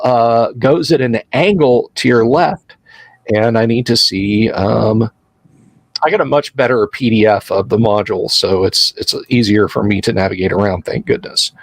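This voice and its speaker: A man running a tabletop game as game master, describing the scene in an unhurried, halting way. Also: mid-range voice, dry recording, poor audio. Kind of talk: narrating a tabletop game livestream.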